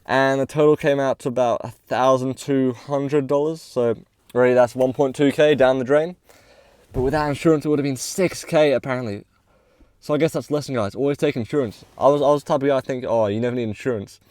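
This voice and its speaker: A man's voice: medium pitch, a little fast, a little mellow, no room sound. A young man telling a casual storytime, slangy and swearing often, acting out the other people's lines as he goes. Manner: slangy, swears often, acts out quoted dialogue. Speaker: vlogger.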